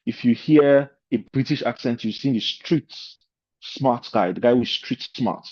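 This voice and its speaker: A man's voice: medium pitch, a little slow, dry recording. A man giving an informal lecture to a leadership course, talking in loose, discursive asides. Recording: slightly dull, lo-fi recording.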